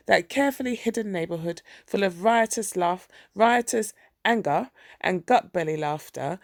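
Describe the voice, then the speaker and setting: Woman audiobook narrator, steady reading, gravelly, dry studio sound. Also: mid-range voice, dry recording. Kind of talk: scripted narration.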